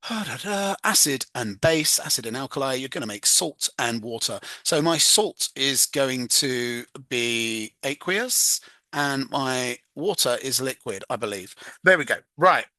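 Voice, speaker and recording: In a casual tutoring style, a chatty man works through a chemistry exam question, mocking himself over his slips and humming "da da" as he writes. His mid-range voice is bright, forward and expressive, and he goes a little slowly. The recording is close and dry, with no room sound.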